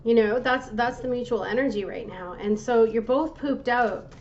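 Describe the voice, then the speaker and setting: Gentle woman giving a tarot reading. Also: on the high side, moderate pace, highs cut off, a little hiss or hum. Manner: gentle, reassuring, self-interrupting with apologies. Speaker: tarot reader.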